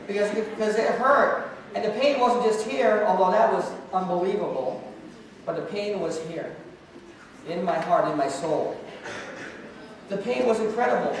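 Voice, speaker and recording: Heard from a distance in a booming school hall before a student audience, a man with a high voice delivers an anti-bullying story and Q&A. A martial arts teacher, he jokes with the crowd and fires questions at the students, and the recording carries faint noise.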